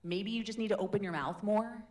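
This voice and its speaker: A woman's voice: mid-range voice, fairly quick, darkish tone. A woman leading a live public speaking workshop in a chatty, demonstrative, encouraging way. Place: meetup room in a tech hub.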